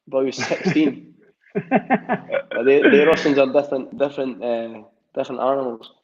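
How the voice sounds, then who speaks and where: A man's voice: mid-range voice, normal speed, a little mellow, dull audio. A young man with a Scottish accent, talking as a boxer guest in a casual interview, full of fillers and restarts. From Scotland. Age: young adult. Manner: rambling, many fillers and restarts.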